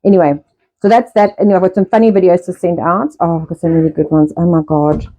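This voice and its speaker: Fast-talking, swearing middle-aged woman host. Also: lowish voice, fairly even intonation, mellow. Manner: fast, rambling talk with heavy swearing. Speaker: host of a live stream. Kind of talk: casual live-stream chat. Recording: dull lo-fi live-stream audio.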